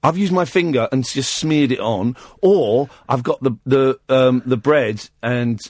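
A man's voice: medium pitch, unhurried, no room sound, studio quality. A man hosting a late-night phone-in radio show, chatting casually and playfully teasing a caller. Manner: playful, teasing and animated, with frequent laughter. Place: radio studio. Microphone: close studio microphone.

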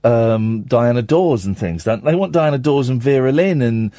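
A man's voice: mid-range voice, animated, normal speed, mellow, no room sound. A man hosting late-night radio from a studio mic, rambling and jokey, often poking fun at himself. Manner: rambling, jokey, self-deprecating. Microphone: studio microphone.

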